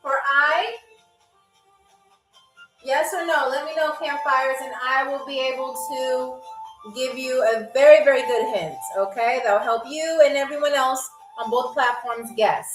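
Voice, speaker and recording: Female live-stream game show host, high-pitched, unhurried, teasing, echoey room. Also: faint music behind. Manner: playful, teasing chat with viewers.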